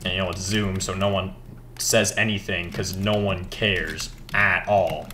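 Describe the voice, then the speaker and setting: A man's voice: low-pitched, steady tone, unhurried, pushed and bright. A teenage boy rambling casually while gaming, laid-back and mumbling with hesitant fillers. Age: teens. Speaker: gaming vlogger. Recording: faint background noise, keyboard clicks.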